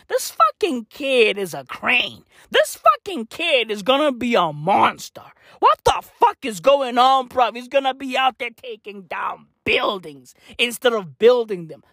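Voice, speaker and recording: A woman delivering a profane comedic rant, full of slang, dropping to low mutters and then jumping to high shouted outbursts. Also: no echo, clean studio sound. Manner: heavy slang fillers. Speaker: comic ranter.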